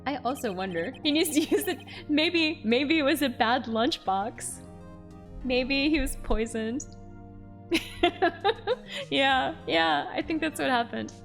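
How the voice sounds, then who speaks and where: Young female streamer, playful live game commentary, lively intonation, unhurried delivery. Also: sits high, gravelly, soft background music. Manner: giggly, playful, animated.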